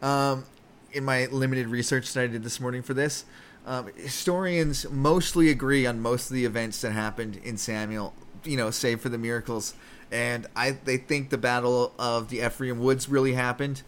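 Here a podcast host from Canada delivers casual comedic Bible commentary, profane and meandering, often cutting himself off and starting over. He speaks at a normal speed in a smooth, steady, medium-pitched voice.

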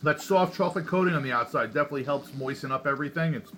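A man with a slightly high voice tells a story on a casual podcast, animated and quick to laugh. Steady hiss and noise sit under his voice the whole time. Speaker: podcast co-host. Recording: noisy podcast recording.

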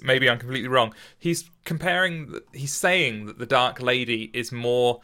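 A young man hosting a podcast, reading a sonnet slowly aloud and then chatting and joking animatedly about it. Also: medium pitch, bright, forceful tone. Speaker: podcast host. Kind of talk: casual chat and poetry reading.

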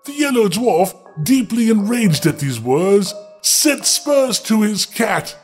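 High-voiced sardonic male storyteller. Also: very animated, slow, faint music behind. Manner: sardonic asides to listeners. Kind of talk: comedic fairy tale reading.

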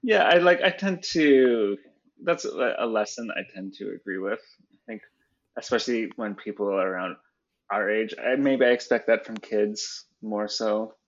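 A man's voice: fairly low pitch, expressive, normal speed, lo-fi sound. A man co-hosting a podcast, chatting casually with teasing, dry humor and frequent laughter. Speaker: podcast co-host. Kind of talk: casual chat.

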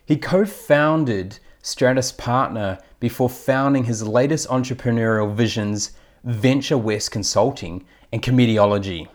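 A man's voice: medium pitch, unhurried. A man with an Australian accent, a podcast host reading a formal introduction and asking interview questions.

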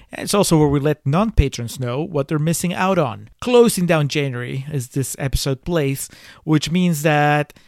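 Higher-voiced man hosting a movie podcast. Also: no echo, clean studio sound. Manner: hesitant, frequent uh and restarts, laughs often. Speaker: podcast host. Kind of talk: casual movie-review chat.

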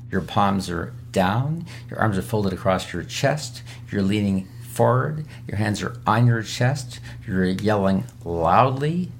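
In an interview, a man who works as a physician repeats his coaching advice emphatically, explaining how to do things. The voice is lowish and creaky, and there's a slight hiss or hum.

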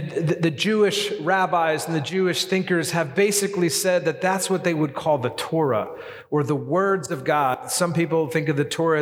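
A man preaching a sermon as pastor, talking in a conversational, animated way with lots of casual fillers. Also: fairly high pitch. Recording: long hall reverb.

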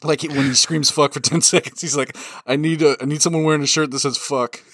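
A man's voice: on the high side, fairly even intonation, fast, a bit bright, slight background noise. A man co-hosting a podcast, chatting casually and wryly about a film. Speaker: podcast co-host. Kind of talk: casual movie discussion.

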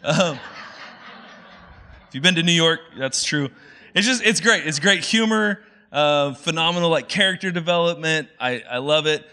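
A man in his thirties gives a loose, conversational sermon, stringing thoughts together with lots of "like" and "um". His voice sits a touch high for a man and rings bright and forceful. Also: moderate pace, clean tone. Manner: chatty, many fillers, quoting movie lines in playful voices. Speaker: pastor.

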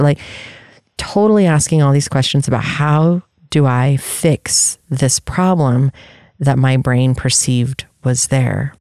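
Candid, warm-voiced podcast host. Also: mid-range voice, a little slow, smooth, dry recording, clean studio sound. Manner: candid, searching, with frequent restarts. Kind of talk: personal reflective talk.

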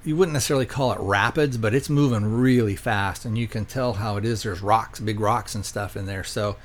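A man's voice: lowish voice, brisk. A man hosting a podcast, casually retelling a movie plot in a rambling way, often stopping to correct himself. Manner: rambling, self-correcting, conversational. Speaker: podcast host reviewing a movie. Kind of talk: casual spoken plot recap.

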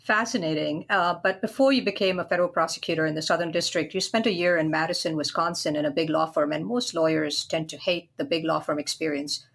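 A woman interviewer asking measured, inquisitive questions. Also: low voice, steady tone, creaky, a bit bright, breathy edge.

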